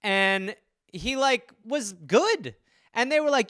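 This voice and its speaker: A man hosting a comedy podcast in casual, rambling riffs, with lots of "like" and loose swearing. His voice sits high and bright, with a smooth, crisp tone. The sound is close and dry, recorded on a studio mic. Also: very animated, slow, no room sound. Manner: rambling, full of "like" and restarts, swearing freely.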